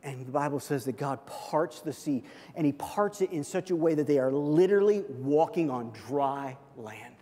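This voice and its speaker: A man delivers a sermon in a relaxed, storytelling manner, slipping into the voices of the people in his Bible stories. His voice sits a little high for a man. The sound carries a long reverb, as if from a large hall. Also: normal speed. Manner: lively storytelling, acts out biblical quotes casually. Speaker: pastor.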